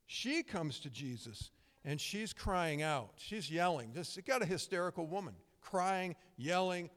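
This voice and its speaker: High, smooth-voiced preacher man. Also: animated, moderate pace, a bit bright. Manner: conversational, emphatic, storytelling with frequent restarts. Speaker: pastor. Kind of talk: sermon. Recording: long hall reverb.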